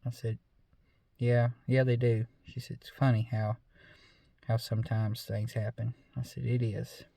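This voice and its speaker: A middle-aged man with a drawl tells a story in a slow, easygoing way, leaning on fillers and "I said." His voice sits at a mid pitch, neither high nor low. The recording is dry and close, with no room sound. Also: little pitch movement, vocal fry, mellow, dry recording. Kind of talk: casual spoken storytelling.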